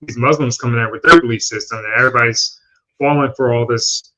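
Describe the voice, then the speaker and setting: A man hosting a casual podcast chat, excitable and quick to agree, going off on tangents. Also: medium pitch. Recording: dull lo-fi stream audio.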